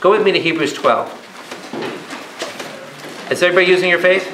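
Male priest, Bible study teaching, emphatic, questioning the group, high voice, echoey room. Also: brisk, fairly bright tone, slight background noise. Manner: emphatic, keeps firing questions at the listeners. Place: a meeting room or church hall with a live audience.

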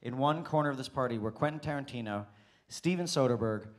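A man's voice: medium pitch, fairly quick. A male stand-up comedian telling a story on stage, teasing his partner with exaggerated detail. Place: stage before a live audience.

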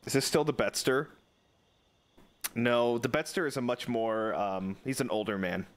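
A man's voice: medium pitch, steady tone, unhurried. A man streaming a video game with casual, joking commentary and frequent swearing.

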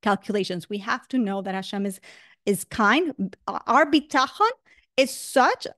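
A woman teaching a religious class, lively and chatty, often checking in with "right?". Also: medium pitch, unhurried, dry recording, clean studio sound. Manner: animated, many rhetorical "right?" asides. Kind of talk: religious lesson.

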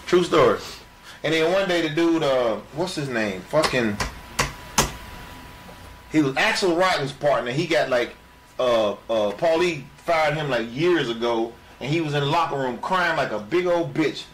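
A man telling a profane wrestling-locker-room anecdote, animated and swearing freely. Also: a little high, normal speed, a little hiss or hum. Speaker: former wrestler. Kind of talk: storytelling anecdote.

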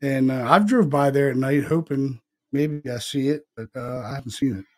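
A man's voice: medium pitch, moderate pace, darkish tone. A middle-aged man hosting a podcast, telling a story in a rambling, casual way, swearing freely and calling his listener "man" and "dude.". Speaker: podcast host.

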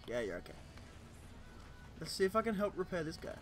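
High, lively male game streamer. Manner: chatty, talks to teammates on screen, swears freely; cheerful, quick to laugh. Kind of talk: casual gameplay commentary.

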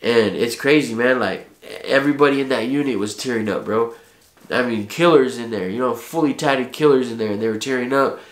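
Male vlogger, casual heartfelt storytelling, street slang and profanity, mid-pitched, roomy echo. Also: fairly quick. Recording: echoey room.

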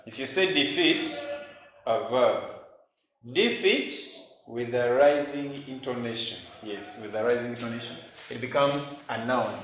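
A male primary school English teacher with a Ugandan English accent, reading vocabulary aloud slowly and deliberately, repeating words and correcting himself. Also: medium pitch. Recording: very echoey room.

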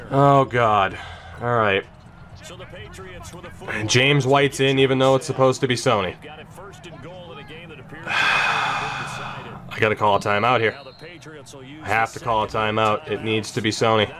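Slow-talking young man narrating a football game. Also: steady tone. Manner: emotional, swears often, shifts from tense muttering to high yelling. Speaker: gaming YouTuber. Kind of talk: gameplay commentary.

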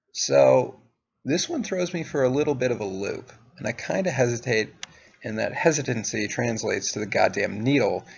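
A young man recounts a story to camera in a casual, profane, sardonic tone. His voice is gravelly and husky. The recording sounds dull and lo-fi. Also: mid-range voice. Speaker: vlogger.

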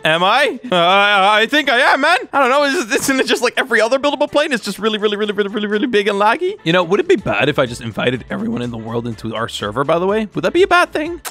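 A young man hosting a gaming video, giving excited commentary that swings from hushed remarks to loud, laughing exclamations. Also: high-pitched, quick pace, few pauses.

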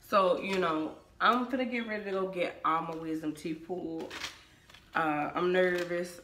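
A woman's voice: lowish voice, sharp tone, roomy sound, slight background noise. A woman vlogging casually to camera, chatting in a sassy, emphatic way about a product she bought. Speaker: vlogger reviewing a wig-making canvas head.

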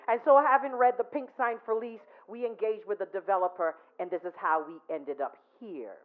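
A woman's voice: fairly high pitch, fairly quick, few pauses. A woman giving a chatty, anecdotal tribute at a memorial, telling stories and checking in with her listeners. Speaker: eulogy speaker at a memorial. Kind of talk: storytelling tribute. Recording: tinny phone-like recording.

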